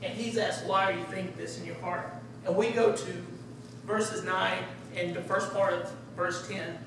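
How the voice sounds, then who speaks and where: A man giving a conversational sermon, animated and acting out the voices of people in the story. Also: high voice, normal speed, vocal fry. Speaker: preacher. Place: church sanctuary. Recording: echoey room, distant mic, faint hiss.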